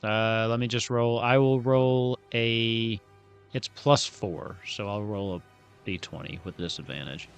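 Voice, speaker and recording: A man's voice: on the low side, measured pace, faint music behind. A man playing a tabletop game, joking around and muttering to himself while he rolls dice. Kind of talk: casual game chat.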